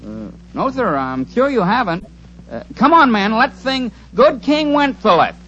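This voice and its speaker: An actor playing a menacing jewel thief with a lisp and a stuffy voice, in 1940s radio acting on a dull old recording. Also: male voice, extremely high pitch, sing-song, unhurried, crowd noise, heavily acted. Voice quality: lisping, stuffy, as if he has a cold. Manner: quiet and threatening. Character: menacing male jewel thief disguised as a caroler.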